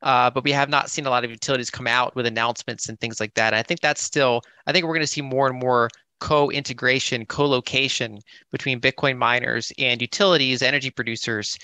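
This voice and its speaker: A man speaks on a conference panel, his voice bright and forward. He hesitates often, restarting his phrases and filling pauses. The sound is dry and close. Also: medium pitch, steady tone, clean tone, dry recording. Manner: hesitant, many restarts and fillers.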